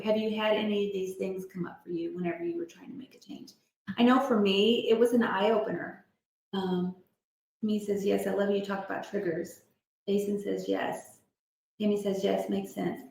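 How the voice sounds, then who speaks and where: A woman's voice: medium pitch, gravelly. A woman leading an online support group, chatty and encouraging, reading out comments and explaining self-help tools. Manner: chatty, encouraging, many restarts and fillers. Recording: very echoey room.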